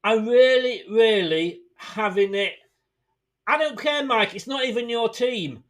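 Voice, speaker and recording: A man's voice: very high-pitched, unhurried, a bit bright. A man from England hosting a football fan live stream, greeting viewers and ranting with frustration and swearing. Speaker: fan channel host.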